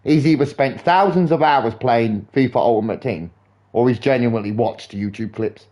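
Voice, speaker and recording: A young man streaming a game live, rambling in sweary, animated football banter. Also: mid-range voice, moderate pace. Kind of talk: casual chat while gaming live.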